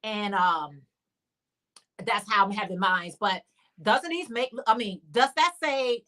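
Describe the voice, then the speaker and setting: A woman's voice: mid-range voice, expressive, slow pace, a bit bright. A woman hosting a casual crochet livestream, chatting and answering viewer comments. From Chicago area. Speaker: livestream host.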